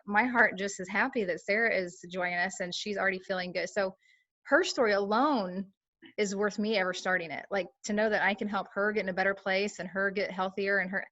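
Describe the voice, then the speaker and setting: Woman, middle pitch, rambling chatty delivery, dull low-fidelity call audio. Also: fairly even intonation, fairly quick, a bit bright. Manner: chatty, lots of fillers, acts out quoted talk. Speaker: team member sharing her experience. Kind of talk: casual chat on a call.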